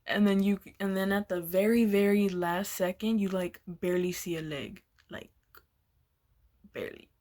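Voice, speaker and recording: A young woman vlogger with a mellow, medium-pitched voice tells a casual storytime at normal speed. She giggles often, swears a lot, and rambles loosely.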